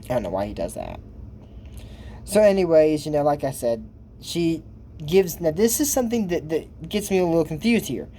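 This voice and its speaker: A man's voice: on the high side, sing-song, normal speed, mellow, a little hiss or hum. A man chatting casually as he recaps a cartoon episode, rambling with lots of asides and fillers. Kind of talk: casual commentary.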